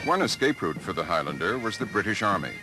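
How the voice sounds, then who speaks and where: A man giving measured, deliberate scripted documentary narration. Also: deep voice, big pitch swings, over music, low-quality recording.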